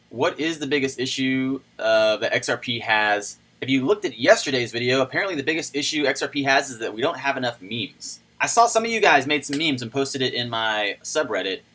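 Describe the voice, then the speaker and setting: This crypto livestream host talks in a relaxed, loose way, calling out viewers by name as he goes through their comments. The man's voice is mid-range and slightly bright, captured in poor audio.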